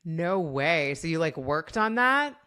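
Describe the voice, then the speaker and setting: A woman's voice: low-pitched, very animated, a little slow, pushed and bright, clean tone. A woman hosting a podcast who asks brief, curious follow-up questions in a casual conversation. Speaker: podcast host.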